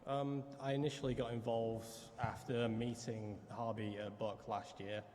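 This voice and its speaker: A man on a convention panel, speaking casually and haltingly with fillers. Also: mid-range voice, level tone, a little mellow. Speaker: panelist, music site admin. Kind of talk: panel talk. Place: convention hall. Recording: convention hall reverb, faint noise.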